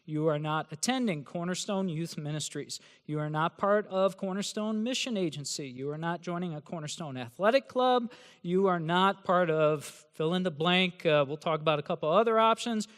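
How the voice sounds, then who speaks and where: High-voiced man teasing students in a hall. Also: moderate pace, fairly bright tone, clear, resonant tone. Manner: sarcastic, teasing, joking delivery. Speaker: university professor. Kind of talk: humorous address to new students. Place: large hall with an audience.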